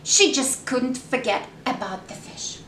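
Woman children's story reader; high, slow, animated sing-song delivery; echoey room, faint noise. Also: distant mic. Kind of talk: reading a picture book aloud to children.

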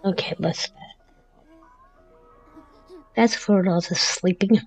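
A woman's voice: mid-range voice, steady tone, slow pace, a little mellow, soft background music. A woman in her forties giving casual, chatty commentary on her game at home, talking to the game characters and her dog as she plays. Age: 40s. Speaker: gameplay commentator.

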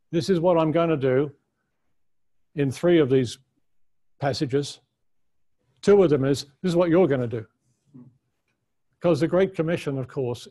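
A man teaching a conference session on the Bible, earnest and unscripted, often restarting his sentences as he thinks aloud. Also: mid-range voice. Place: conference room.

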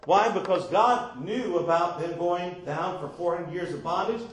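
A pastor preaches a sermon in a church sanctuary, drawing call-and-response from the congregation with repeated questions. He has a high voice and a measured pace. The recording is echoey and distant, picked up from far off in the room.

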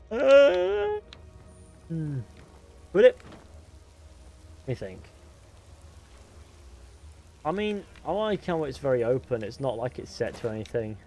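A young man streaming a game live, chatting casually, swearing freely and answering his chat out loud. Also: medium pitch.

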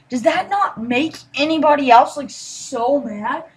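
A woman giving casual commentary over her gameplay, rambling and apologetic, sometimes trailing into quiet mutters and then bursting out excitedly. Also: high-pitched, measured pace, hardly any pauses. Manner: excitable outbursts. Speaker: gaming commentator.

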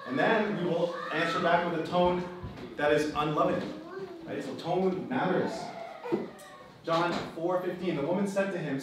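A Kapampangan male pastor from the Philippines, who also hosts, delivers a sermon to a live group with a high voice at a moderate pace. He is emphatic and keeps repeating key phrases. The distant mic picks up an echoey room and background noise.

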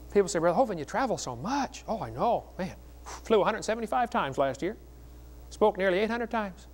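A man's voice: high-pitched, a little fast. A middle-aged man preaching at a seminar, telling stories in a folksy, joking way. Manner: folksy, joking, animated storytelling. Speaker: evangelist speaker.

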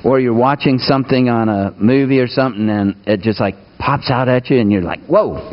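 A man preaching a sermon, asking his listeners questions and moving between raised, urgent lines and hushed asides. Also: mid-range voice, brisk, lo-fi sound, a little hiss or hum. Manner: asks the congregation questions, swings between raised and hushed delivery. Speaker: pastor.

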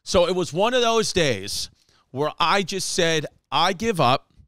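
Telling a long, funny story on his own podcast, a man swears and rants energetically, putting on mock voices and throwing in Spanish phrases. He speaks a little slowly in a slightly high, smooth, clear voice, captured dry on a close mic with no room sound.

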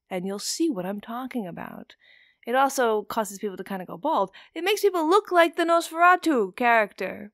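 A woman's voice: fairly high pitch, fairly bright tone, no echo, clean studio sound. A woman hosting a film podcast, talking casually with chatty, digressive, joking asides. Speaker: podcast host.

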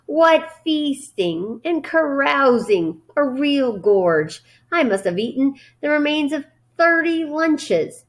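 Storybook rat, husky and hoarse, drawling and smug, voiced by a woman reading aloud. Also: sits high, big pitch swings, slow pace, hardly any pauses, voice pushed up, exaggerated voice. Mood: gloating. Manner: drawling, gloating. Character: gluttonous male rat, sly and smug.

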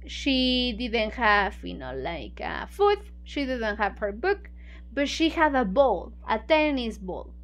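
High-voiced, slow-talking woman teacher. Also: sing-song. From Mexico. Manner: conversational, many fillers, explains words in Spanish. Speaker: book club teacher. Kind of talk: retelling a story for English learners.

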